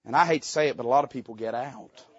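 A man preaching a sermon, folksy and joking, with loud emphatic rises. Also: medium pitch, fast talker, slightly rough, muffled recording.

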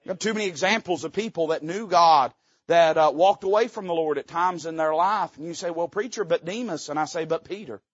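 Fervent high-voiced preacher. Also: male voice, brisk, dry recording, muffled recording. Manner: fervent, folksy, with sudden loud rises and dips. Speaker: pastor. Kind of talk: sermon. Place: church sanctuary.

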